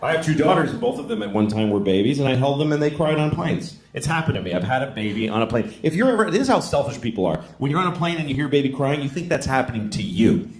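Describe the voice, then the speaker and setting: A man doing a stand-up comedy set, telling stories deadpan and breaking into loud acted-out voices. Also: mid-range voice, fast. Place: theater stage before a laughing audience. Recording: roomy live venue with crowd laughter.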